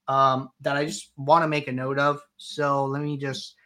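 A man hosting a live question-and-answer show, explaining software settings in a conversational way with frequent fillers. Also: medium pitch, flat delivery, moderate pace. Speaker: host answering viewer questions. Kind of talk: live Q&A tutorial, walking through software.

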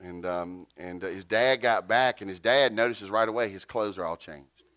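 Animated preacher man. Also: moderate pace, dry recording. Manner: animated, jumps to high pitch for quotes. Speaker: pastor. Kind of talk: sermon with storytelling.

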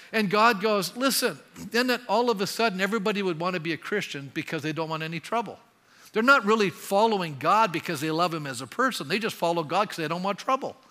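Older canadian pastor preaching, kinda high bright voice, big church echo. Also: male voice. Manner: conversational, asks the congregation questions. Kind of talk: sermon. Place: church sanctuary. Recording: long hall reverb.

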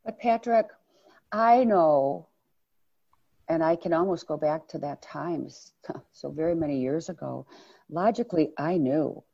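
A woman hosts an interview and asks earnest, probing questions. Her voice is low, mellow and a little husky. The audio sounds dull and lo-fi. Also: a little slow, pauses often. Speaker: interview host. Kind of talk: interview conversation.

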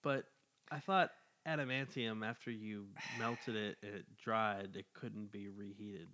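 A man's voice: fairly low pitch, steady tone, a little slow, bright, forceful tone, slight background noise. A man co-hosting a podcast, asking dry follow-up questions in a casual chat about comics. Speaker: podcast co-host.

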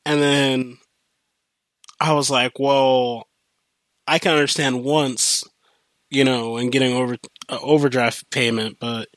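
A young man hosting a podcast, telling a rambling, profane story in a casual, animated way with many restarts. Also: mid-range voice, takes it slowly, pauses often, no echo. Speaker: podcast host.

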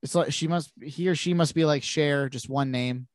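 A man's voice: fairly high pitch, moderate pace, no echo. A man with a nasal voice, co-hosting a podcast and recapping comic books in a casual, rambling way with many restarts. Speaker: podcast co-host. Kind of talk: casual comic book chat.

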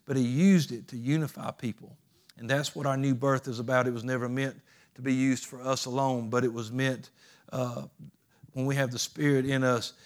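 A man preaching a sermon as pastor, plainspoken and folksy, raising his voice for emphatic calls to the congregation. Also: medium pitch.

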